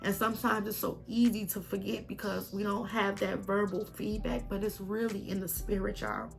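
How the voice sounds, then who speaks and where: A woman's voice: medium pitch, moderate pace, gravelly, soft background music. A young woman vlogger sharing a heartfelt personal testimony, tearful with a crackling voice, often calling her viewers y'all. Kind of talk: emotional personal testimony vlog.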